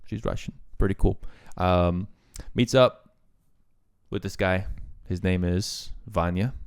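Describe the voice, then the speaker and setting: A man's voice: sits low, steady tone, takes it slowly, gravelly, smooth, no room sound, clean studio sound. A man co-hosting a casual film review podcast, laid-back and swearing freely, with plenty of fillers. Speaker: podcast co-host.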